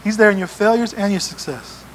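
A man preaching a sermon in a church, animated and playful, acting out little scenes as he goes. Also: high-pitched, a little fast, a little hiss or hum. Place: church sanctuary.

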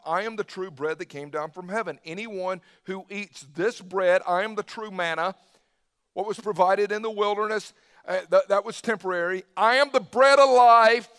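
A man's voice: sits high, fairly bright tone, no room sound, clean studio sound. A man preaching a sermon as pastor, emphatic and casual, voicing scripture with everyday slang.

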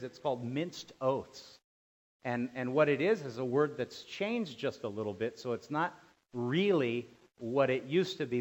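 A man preaching a sermon as pastor, animated, dropping to quiet asides and rising to loud emphatic bursts. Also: medium pitch. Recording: dull lo-fi sound.

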